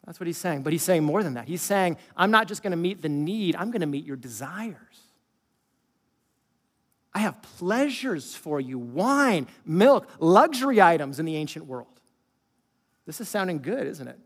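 A middle-aged male pastor preaching a conversational sermon, asking the audience questions and dropping into quiet asides. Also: fairly high pitch, sing-song, moderate pace, in a large hall.

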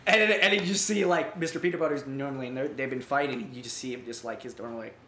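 Male podcast co-host, mid-range voice, rambling and animated, echoey room. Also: medium pitch, quick pace, slight background noise. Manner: animated, rambling retelling with many restarts and fillers. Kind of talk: casual chat. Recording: roomy echo.

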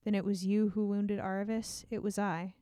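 Chatty giggly woman, smooth dry voice. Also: mid-range voice, level tone, normal speed, mellow, dry recording. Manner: giggly, chatty, reads passages aloud. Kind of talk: casual book discussion with reading aloud.

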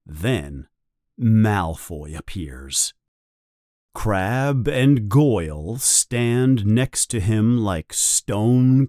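Male storybook narrator; slow, careful, clear, dry close recording. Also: medium pitch, no echo. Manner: slow, even, clear read for learners. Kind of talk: simplified storybook reading.

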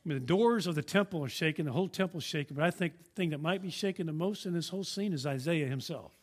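A man preaching a sermon, earnest and emphatic, swinging from raised declarations down to hushed lines, often repeating and restarting words. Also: fairly high pitch, fast. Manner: earnest, emphatic, rising and dropping to a hush.

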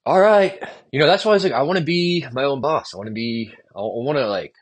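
A man's voice: medium pitch, quick pace, breathy edge. A young man hosting a solo podcast, venting in a rambling, profane, frustrated way about his jobs. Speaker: podcast host. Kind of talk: solo stream-of-consciousness podcast monologue.

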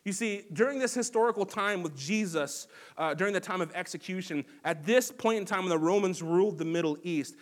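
A man's voice: sits high, a little fast, few pauses. A man preaching a sermon as pastor, earnest and conversational, with frequent fillers and restarts. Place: church sanctuary.

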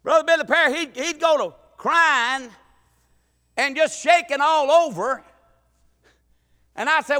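A man's voice: very high-pitched, a little slow, pauses often, bright, forceful tone, long reverb tail. A man preaching a folksy sermon, telling family stories with emphatic, stammering restarts. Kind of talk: sermon with storytelling.

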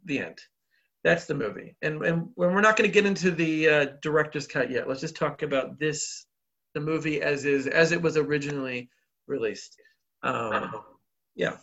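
A man's voice: a little high, normal speed, gravelly, fairly bright tone, highs cut off. A man co-hosting a podcast, recapping a film in a rambling casual way with frequent laughs and filler words. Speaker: podcast co-host.

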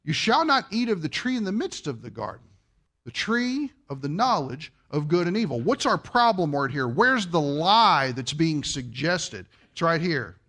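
A man's voice: on the high side, sing-song, moderate pace, pushed and bright. A man preaching a sermon. He keeps asking the congregation rhetorical questions and acts out quoted voices. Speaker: pastor.

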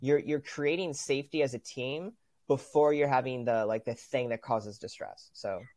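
A man's voice: medium pitch, normal speed, a little mellow, no room sound. A man co-hosting a relationship podcast, thinking aloud in casual advice chat and often rephrasing himself. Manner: thoughtful, loose phrasing, self-correcting.

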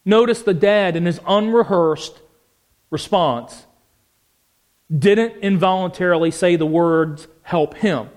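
A man's voice: high-pitched, slow pace, pauses often, a little mellow. A man preaching a sermon, passionate and emphatic, often putting questions to his listeners.

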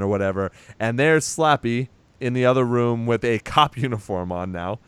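A man's voice: medium pitch, moderate pace, few pauses, clean tone, dry recording. A man casually retelling a movie's plot on a podcast, acting out the characters' lines and laughing along. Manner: rambling retelling with acted-out quotes and laughs. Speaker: podcast co-host recapping a movie. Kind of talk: casual chat.

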